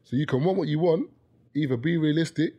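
A man's voice: on the high side, a little fast, warm tone, slightly rough, muffled recording. Joking British man in casual chat. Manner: joking, bantering, laughs often. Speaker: podcast guest.

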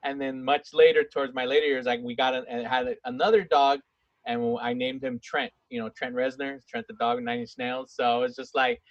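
A man's voice: medium pitch, lively intonation, brisk, no echo, lo-fi sound. A man in his thirties chatting casually as a podcast co-host, rambling with lots of fillers and restarts. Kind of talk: casual chat.

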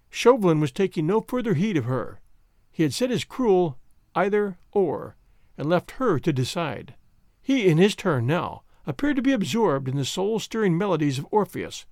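A man narrating a historical novel as an audiobook, with expressive, dramatic storytelling. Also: sits high, no echo, clean studio sound. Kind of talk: scripted narration.

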